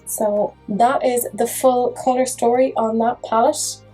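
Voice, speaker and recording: A woman talks casually through a makeup review, teasing herself and her viewers. Her voice sits a little high and has a breathy, husky grain. Faint music plays behind her. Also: fairly even intonation, unhurried, dark tone, poor audio. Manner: chatty, self-mocking humor. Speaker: makeup vlogger.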